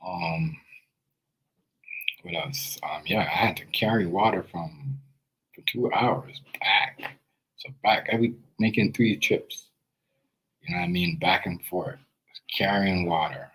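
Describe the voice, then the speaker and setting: A man's voice: deep voice, slow pace, pauses often, fairly bright tone, a little hiss or hum, poor audio. A young Jamaican man with a Jamaican accent telling his own story in a loose, rambling way, full of fillers and restarts. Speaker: video creator. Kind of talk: casual personal storytelling.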